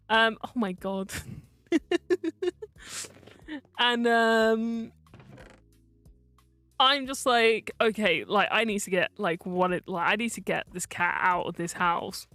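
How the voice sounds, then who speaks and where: Slow-talking, chatty woman streamer. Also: fairly high pitch, bright, forceful tone, no echo, faint music behind. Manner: chatty, laughing often, lots of fillers and swearing. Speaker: vtuber streamer. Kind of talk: casual storytelling on stream.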